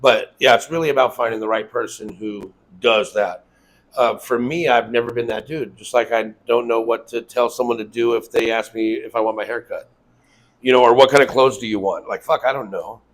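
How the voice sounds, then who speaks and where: A man's voice: medium pitch, fairly even intonation, normal speed, rough recording. A man who owns a tattoo shop, telling loose, profane stories in a casual interview and acting out what people said to him. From Las Vegas. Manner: loose, profane storytelling with acted-out quotes. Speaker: tattoo shop owner, guest.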